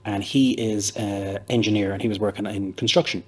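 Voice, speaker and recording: An Irish man talks quickly and at length, piling anecdote onto anecdote with plenty of fillers. His voice sits low and has a husky edge. He sounds like a guest telling his story in an interview. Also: fairly even intonation. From Ireland. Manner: chatty, anecdotal, rambling with fillers. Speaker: pub owner, interview guest.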